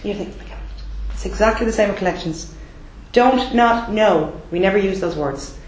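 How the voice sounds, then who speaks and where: A woman's voice: mid-range voice, a little fast, a little mellow, a little hiss or hum. An Irish woman running a debt collection training course, speaking emphatically and checking in with her listeners with frequent "okay?". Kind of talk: classroom training talk. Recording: roomy echo.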